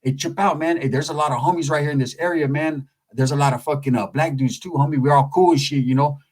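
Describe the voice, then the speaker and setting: A man's voice: fairly even intonation, fast talker, close to an everyday voice. A man voicing laid-back teenage gang members who drawl and keep saying homie. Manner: low, mellow, drawling "homie".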